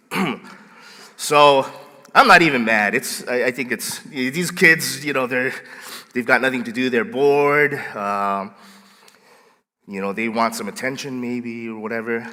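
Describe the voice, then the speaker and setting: A male pastor preaching a sermon, telling stories in a playful, animated way and acting out scenes. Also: medium pitch, measured pace, in a large hall. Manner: playful, animated storyteller who acts out scenes. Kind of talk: sermon with storytelling. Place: church sanctuary.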